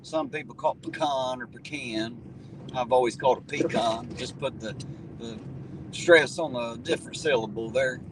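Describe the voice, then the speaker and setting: A man's voice: medium pitch, moderate pace. A man, hosting a casual livestream and reading viewer comments in a folksy, swearing, chuckling way. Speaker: livestream host reading chat. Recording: distant mic with loud traffic noise.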